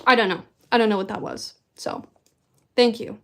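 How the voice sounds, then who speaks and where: A woman's voice: medium pitch, moderate pace, creaky, fairly bright tone. A woman chatting casually in a vlog Q&A, rambling and self-deprecating, often giggling at herself. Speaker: vlogger answering viewer questions. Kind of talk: casual Q&A chat.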